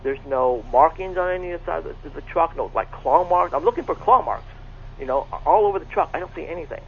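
A man's voice: a little high, animated, fast talker, creaky, slightly rough. A middle-aged man earnestly telling a personal encounter story, often repeating himself and restarting his sentences. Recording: tinny phone line with faint noise.

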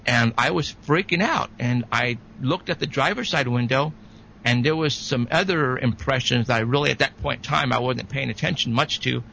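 A man, a paranormal investigator, telling an excited, halting story as a guest in an interview. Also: medium pitch, vocal fry, slight background noise, rough recording.

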